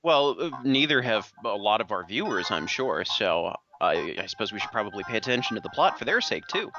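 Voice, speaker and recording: A man's voice: lowish voice, big pitch swings, a little fast. A man co-hosting video game commentary, joking around and asking lots of questions. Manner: joking, inquisitive, laughs often. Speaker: let's play co-host. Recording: dull lo-fi recording. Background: game music.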